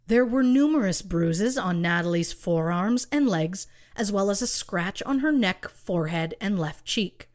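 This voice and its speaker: A woman's voice: mid-range voice, animated, unhurried, hardly any pauses. A woman co-hosting a true crime podcast, telling the case with rhetorical questions and wry asides. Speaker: podcast co-host.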